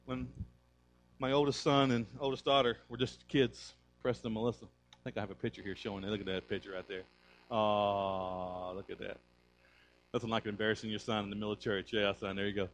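A male pastor preaching a sermon, emphatic and energetic, calling on the congregation to respond. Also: lowish voice, fairly quick. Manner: conversational storytelling.

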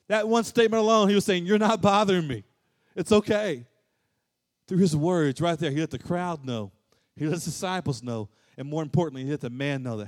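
A man preaching a sermon as pastor, swinging from loud and emphatic to soft and hushed. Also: on the high side, big-room sound.

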